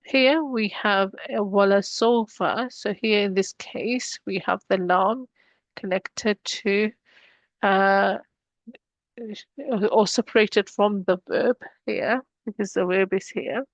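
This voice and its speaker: A woman's voice: mid-range voice, steady tone, slow pace, no room sound, highs cut off. A woman teaching an Arabic grammar lesson, explaining each rule step by step and mixing English with Arabic terms.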